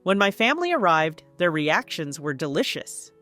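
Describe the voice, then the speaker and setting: A woman's voice: on the low side, big pitch swings, moderate pace, few pauses, fairly bright tone. A woman narrating a first-person story in a scripted, wry storytelling manner. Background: faint background music.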